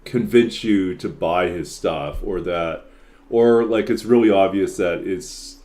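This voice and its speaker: A man's voice: low-pitched, slow pace, a little mellow. A man streaming a game and chatting casually, rambling with lots of filler words and frequent chuckles. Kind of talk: casual chat while playing.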